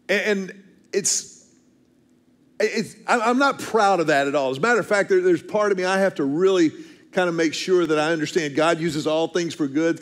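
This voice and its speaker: A man, preaching a storytelling sermon with earnest, self-deprecating humor and frequent restarts. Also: sits high. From Texas, USA. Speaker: pastor.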